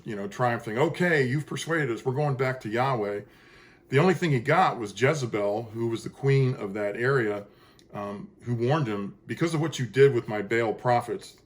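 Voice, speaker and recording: Earnest rambling man explaining his music. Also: medium pitch. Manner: rambling and earnest, with fillers and restarts. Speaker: composer explaining his choral piece. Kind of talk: casual spoken explanation.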